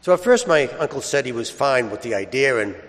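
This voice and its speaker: A man preaching at Mass, reading the gospel and then giving a homily in an unhurried storytelling manner. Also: mid-range voice, expressive, in a large hall. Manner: unhurried, storytelling with homely anecdotes.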